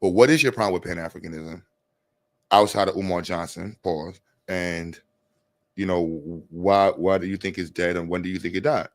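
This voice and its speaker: A man's voice: deep voice, fairly even intonation, normal speed. A man hosting a casual live stream, talking in slang and reading chat messages aloud to answer them.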